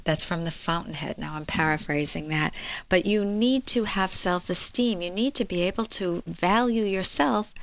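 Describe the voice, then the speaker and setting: A woman's voice: on the low side, moderate pace, fairly bright tone. Earnest woman advice-show host. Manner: earnest, emphatic, acts out quoted speech. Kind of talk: advice talk and book reading.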